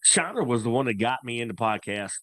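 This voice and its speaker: A man with a Southern American twang chatting casually on a podcast, laid-back and halting, often repeating words. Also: medium pitch, lively intonation, a bit bright, no room sound. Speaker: former co-host, now hunting podcaster. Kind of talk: casual chat.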